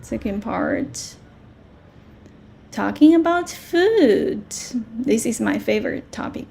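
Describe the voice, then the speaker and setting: A woman with a Mandarin Chinese accent teaching a language lesson, patiently repeating words slowly with clear tones. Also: a little high, expressive, mellow.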